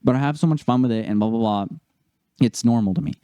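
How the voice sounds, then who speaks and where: A young man co-hosting a casual podcast, telling a story with lively delivery and acting out the people he quotes. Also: mid-range voice, fast talker, clear, resonant tone, no echo. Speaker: podcast co-host.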